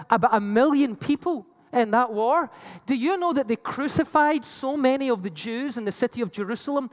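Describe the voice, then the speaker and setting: A preacher giving an animated Bible teaching sermon with slides, acting out the voices it quotes. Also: medium pitch. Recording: long reverb of a large hall.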